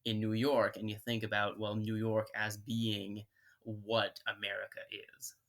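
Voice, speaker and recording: A man's voice: lowish voice, monotone, unhurried, a bit bright. A man co-hosting a casual podcast chat, explaining his points at length with frequent restarts. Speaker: podcast co-host.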